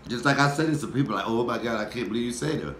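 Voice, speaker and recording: A man, a comedian vlogger, doing a profane, animated casual rant for his viewers. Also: medium pitch, rapid-fire. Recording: echoey room with faint noise.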